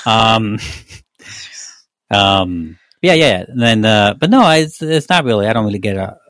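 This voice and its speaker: A man's voice: lowish voice, animated, measured pace, fairly bright tone, dry recording. A man from Mexico with a slight Mexican accent, hosting a casual movie-review podcast and rambling with lots of fillers. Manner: rambling, many fillers and restarts. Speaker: podcast host.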